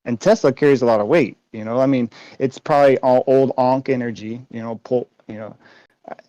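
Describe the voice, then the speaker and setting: A man's voice: medium pitch, steady tone, a little fast, dark tone, no echo. A man talking in casual podcast conversation, musing and speculative, swearing casually. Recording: dry, dull lo-fi sound.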